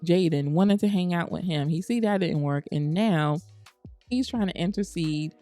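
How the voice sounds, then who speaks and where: A woman's voice: fairly low pitch, moderate pace, mellow, dry recording, soft background music. A woman hosting a gaming channel, chatting casually through gameplay and saying things like "y'all" and "girl".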